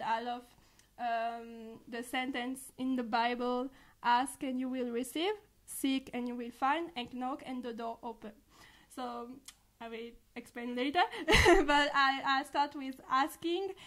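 A young woman from France with a French accent, a podcast guest speaking earnestly and haltingly in English. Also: high voice, a bit bright. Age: young adult. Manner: earnest, halting, laughs often. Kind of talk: casual interview talk.

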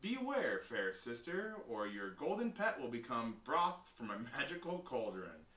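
A man voicing a playful young boy who talks in a high, mock-grand, theatrical way. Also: huge pitch swings, a little slow, fairly bright tone, roomy sound, recorded from a distance, exaggerated voice.

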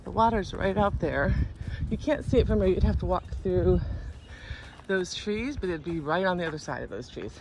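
A woman's voice: on the low side, normal speed, background noise. A cheerful, chatty woman vlogging on a phone, partly while out on a forest walk, cooing at her dog now and then. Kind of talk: casual chatty vlog.

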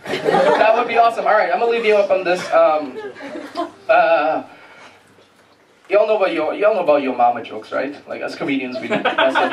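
High-voiced man doing profane stand-up. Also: lively intonation, moderate pace, noisy background. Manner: profane, rambling, restarts sentences. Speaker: stand-up comedian. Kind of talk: stand-up comedy set. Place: comedy club with live audience. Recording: echoey club, distant mic, loud crowd laughter.

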